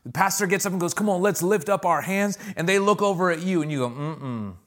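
A man's voice: high voice, fast, fairly bright tone. Fervent preacher man. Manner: preaching with rising intensity, repeated "come on" calls. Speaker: pastor. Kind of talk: sermon.

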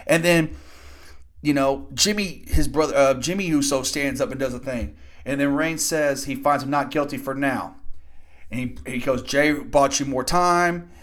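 A man in his twenties hosting a podcast, casually recapping wrestling in a rambling, excitable way with some swearing. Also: mid-range voice, moderate pace. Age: 20s. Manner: rambling, excitable, profane storytelling. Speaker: podcast host.

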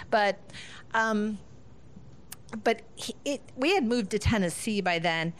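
A woman's voice: mid-range voice, lively intonation, slow pace, pauses often. Middle-aged woman from northern ohio, guest speaker, telling a family story, laughs a lot and acts out what people said. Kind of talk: storytelling talk.

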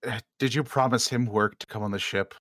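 A man's voice: lowish voice, steady tone, a little fast, fairly bright tone, no room sound, studio quality. A man playing in a tabletop role-playing game in a joking, casual way. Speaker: player.

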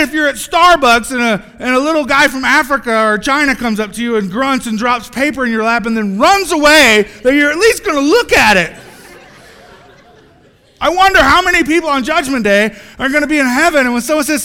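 A man with a high, bright voice preaching to a crowd. He jokes and acts out small scenes as he talks. His voice rings with the long echo of a large hall. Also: brisk. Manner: animated, joking, acts out little scenes. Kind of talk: sermon.

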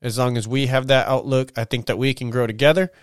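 Smooth-voiced man hosting a casual podcast. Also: mid-range voice, steady tone, quick pace, no echo, clean studio sound. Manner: loose, profane, storytelling with slang like "man" and "y'all". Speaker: podcast host. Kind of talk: casual solo podcast monologue.

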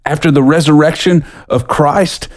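Preaching with earnest conviction, a middle-aged American pastor builds his sermon with rising pitch and a quicker pace when excited. For scripture, his voice falls low and soft.

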